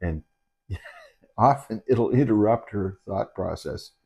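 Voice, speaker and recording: A middle-aged man, a dementia caregiver, talking candidly and haltingly in a reflective personal video, with many restarts. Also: lowish voice, animated, gravelly, mellow, husky. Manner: earnest and candid. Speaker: dementia caregiver and channel host. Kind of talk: reflective personal talk to camera.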